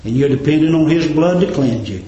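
A man preaching a sermon, fervently rising to emphatic peaks and dropping to quiet endings. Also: on the high side, lively intonation, fairly quick, roomy sound, muffled recording. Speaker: pastor. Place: church.

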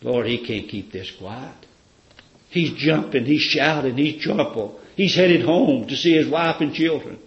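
A man's voice: mid-range voice, measured pace. Male preacher, fervent storyteller; roomy, lo-fi sermon recording. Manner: fervent storytelling, rhetorical questions.

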